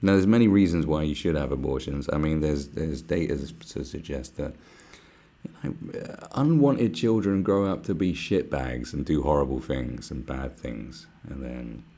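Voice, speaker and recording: A man hosting a podcast, delivering a profane, animated ranting monologue and mocking other people's voices. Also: very deep voice, moderate pace. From United Kingdom. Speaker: podcast host.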